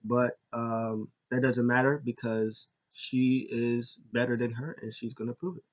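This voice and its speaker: A man of middle pitch talks loosely through a recap, his sentences stopping and restarting around plenty of ums and uhs. He gushes like an eager fan as he goes. The delivery is plain, unscripted chat. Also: fairly even intonation, a little slow, muffled recording. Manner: rambling, full of fillers and restarts; enthusiastic fan. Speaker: podcast host.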